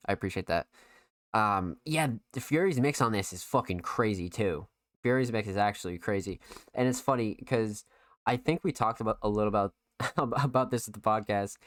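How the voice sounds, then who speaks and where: A man's voice: fairly low pitch, dry recording, clean studio sound. A young man hosting a podcast, giving a casual, profane music review full of fillers. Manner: profane, filler-heavy, enthusiastic.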